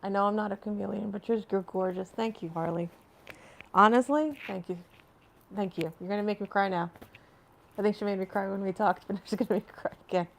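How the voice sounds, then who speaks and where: A woman's voice: mid-range voice, fairly even intonation, a little fast, vocal fry. A woman hosting a casual live stream from home, rambling and chatting as she answers viewer comments, laughing often between phrases.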